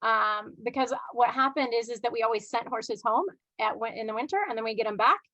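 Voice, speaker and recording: A woman telling a chatty, animated story on a video call, full of fillers and restarts. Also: fairly high pitch, brisk, no room sound, muffled recording. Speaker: guest horse trainer. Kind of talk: storytelling in a live video interview.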